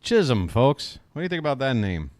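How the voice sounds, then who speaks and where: A man's voice: mid-range voice, big pitch swings, brisk, no echo. A man doing casual live-stream baseball commentary, rambling and crude, talking to himself between plays.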